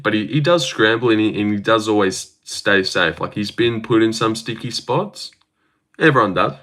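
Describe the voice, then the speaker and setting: Australian guy, bright forceful voice, lowish pitch, excitable live-stream chatter reading out his chat. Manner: excitable, swears freely, answers chat comments aloud.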